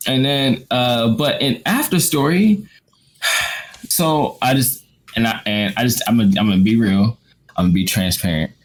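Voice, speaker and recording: A man's voice: medium pitch, moderate pace. A man co-hosting a podcast, speaking earnestly in casual chat, often restarting and repeating words. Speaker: podcast co-host.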